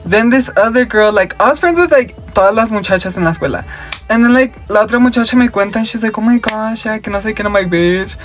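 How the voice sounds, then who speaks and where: A man's voice: high voice, quick pace, soft background music. Sassy makeup vlogger man. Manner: sassy, profane, switching between English and Spanish slang. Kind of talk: casual chatty makeup tutorial with story time. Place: at home.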